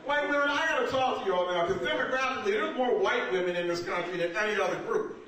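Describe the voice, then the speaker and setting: A man performs a stand-up comedy set on a small theater stage before an audience, talking conversationally and laughing through his punchlines. He has a high-pitched voice and talks fast, captured in a roomy, echoey, far-off amateur recording with loud noise.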